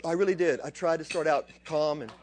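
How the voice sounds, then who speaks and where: A man preaching a sermon, dropping to quiet asides and then rising into loud, excited bursts. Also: a little high, brisk. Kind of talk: animated sermon.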